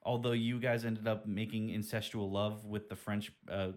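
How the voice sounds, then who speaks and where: Low-voiced teasing man quizzing friends. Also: little pitch movement, a little mellow. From United States. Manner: teasing, deliberate when reading questions. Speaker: quizmaster. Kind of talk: casual quiz banter.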